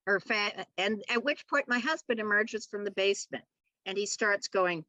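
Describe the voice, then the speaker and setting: A woman author on a panel, telling a funny family story in an animated way and acting out the people in it. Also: medium pitch, moderate pace, no echo. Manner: animated storyteller who acts out other people's voices. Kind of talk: comic personal anecdote.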